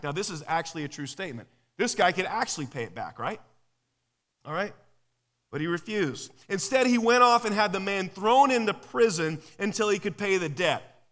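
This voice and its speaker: A high-voiced man preaches a live sermon at a normal speed, keeping it casual and lively as he fires rhetorical questions at the congregation. The recording carries a long hall reverb.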